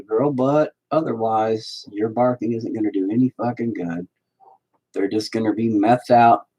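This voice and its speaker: A man's voice: on the low side, fairly even intonation, a little slow, mellow, husky, poor audio. A man ranting in a profane, rambling way while painting in a casual vlog at home. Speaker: vlogger.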